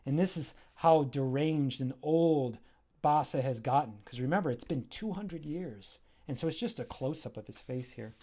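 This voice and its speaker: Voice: medium pitch, dark tone. A comic creator reads through their own graphic novel on a livestream, pointing out drawings and chatting along the way. The delivery is casual, enthusiastic and a bit rambling, with a mid-range voice.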